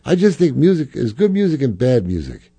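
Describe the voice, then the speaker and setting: Older guy with a gravelly husky dark voice, rambling jazz stories with lots of uh's. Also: medium pitch, big pitch swings, brisk. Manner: rambling storyteller with many fillers and restarts. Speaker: jazz clarinetist guest. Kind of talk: reminiscing interview talk.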